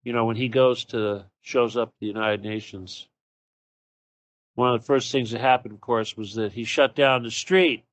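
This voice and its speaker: A man's voice: mid-range voice, fairly even intonation, moderate pace, no echo. Profane, angry man ranting, dry sound. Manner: sarcastic, mocking. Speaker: show host. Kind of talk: solo political rant.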